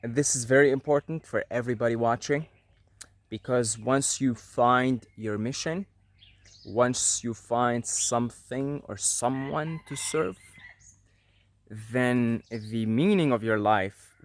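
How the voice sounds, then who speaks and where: A man's voice: medium pitch, no room sound. Earnest man, dry close sound. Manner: earnest, repeats points for emphasis. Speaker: spiritual video host. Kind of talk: casual spiritual teaching to camera. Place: apartment at night.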